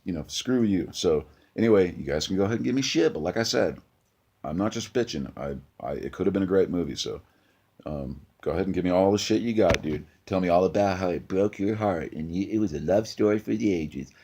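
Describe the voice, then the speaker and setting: A man's voice: deep voice, animated, a little fast, darkish tone. A man reviewing a film in a blunt, profane casual rant, full of restarts. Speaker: movie reviewer.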